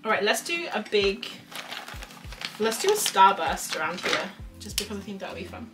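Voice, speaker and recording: A young woman draws on a livestream, rambling along and reading out chat messages in a sing-song, medium-pitched voice. She speaks at a normal speed, and a distant mic catches her slightly off-axis with faint music playing.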